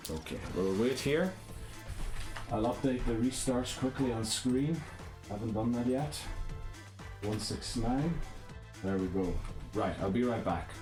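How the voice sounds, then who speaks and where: A man's voice: mid-range voice, unhurried. A man giving casual, self-deprecating commentary to viewers while playing a motion-control game live. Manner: chatty, self-deprecating, thinking aloud to viewers. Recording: game music playing behind the voice. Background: game music.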